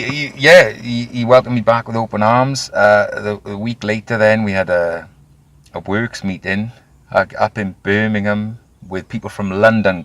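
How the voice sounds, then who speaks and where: A man, telling his own story candidly in an interview, animated and swearing freely. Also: on the low side. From Wales. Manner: animated, swears freely, acts out quoted voices. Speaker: guest.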